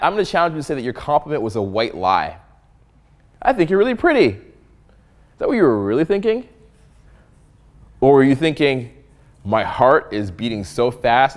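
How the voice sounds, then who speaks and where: A man in the middle of his register delivers a live coaching talk to an audience. He is animated and profane, mixing jokes with challenges to his listeners. He often acts out the lines of the people in his stories. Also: mid-range voice. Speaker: dating coach speaking to an audience.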